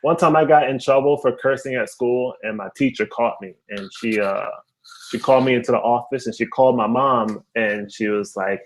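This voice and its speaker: Over a video call, a young man of Haitian family background performs a stand-up comedy set, telling animated stories and laughing at his own jokes. He speaks at a medium pitch and a normal speed.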